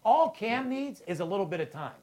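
A man's voice: high voice, big pitch swings, fairly quick, a little mellow. A man hosting a sports betting podcast, talking brashly and profanely, all hyped up. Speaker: podcast host. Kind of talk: casual sports betting talk.

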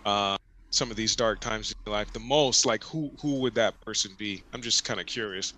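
A man hosting a podcast, speaking in a reflective, conversational way and often filling pauses with "you know.". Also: fairly low pitch, sharp tone, slight background noise. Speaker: podcast host.

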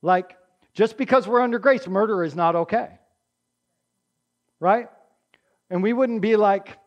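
A man's voice: high voice, unhurried, long pauses, lo-fi sound. A man preaching a sermon in a conversational, emphatic way, often checking in with his congregation and acting out quotes. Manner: emphatic, acts out quotes with raised voice. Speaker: pastor.

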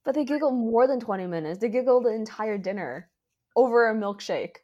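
A woman co-hosting a casual podcast, blunt and quick to swear, reacting to stories. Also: on the high side, animated, a little mellow, highs cut off. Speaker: podcast co-host. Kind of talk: casual chat.

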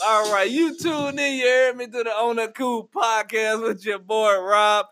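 A man's voice: very high voice, steady tone, unhurried, hardly any pauses, pushed and bright, soft background music. A man hosting his own podcast, chatting casually and rambling with jokes and slang. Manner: joking, slangy, rambling banter. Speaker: podcast host. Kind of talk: casual solo podcast chat.

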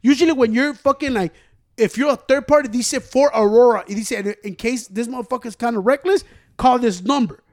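A man, co-hosting a casual chat and telling stories in a profane, teasing, animated way. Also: extremely high pitch, fairly quick.

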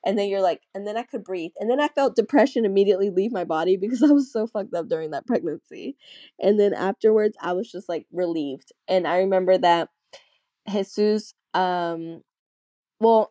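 A woman's voice: medium pitch, a little fast, mellow, no room sound. A young adult woman telling a candid personal story in casual chat, acting out the voices of people she quotes. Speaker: podcast guest.

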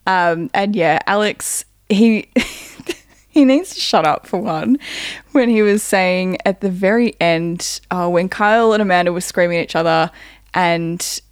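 A woman's voice: fairly low pitch, measured pace, clean tone, dry recording, clean studio sound. A woman co-hosting a podcast in casual chat, blunt and exasperated. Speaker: podcast co-host.

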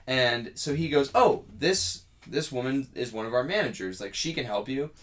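A man's voice: mid-range voice, a little fast. Man telling a story, casually. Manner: animated storyteller acting out dialogue. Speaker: podcast co-host.

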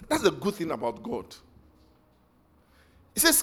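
A man's voice: fairly high pitch, sing-song, moderate pace, long pauses, husky. A man preaching an emotional, impassioned sermon.

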